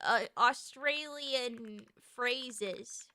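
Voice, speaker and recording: A young woman streaming, chatting casually and excitedly, with sudden shouted outbursts. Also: fairly high pitch, drawn-out words, clear, resonant tone, no room sound. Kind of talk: casual live-stream chat.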